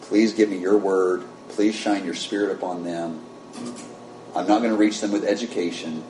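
American guy preaching a story, kinda low voice, roomy echo and a faint rumble behind. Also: steady tone, moderate pace. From United States. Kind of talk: sermon storytelling. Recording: echoey room with faint rumble.

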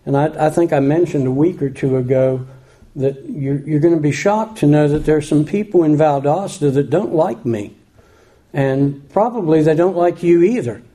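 A man's voice: fairly high pitch, moderate pace, mellow. A man preaching a sermon, reading scripture and adding folksy, self-deprecating asides. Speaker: pastor.

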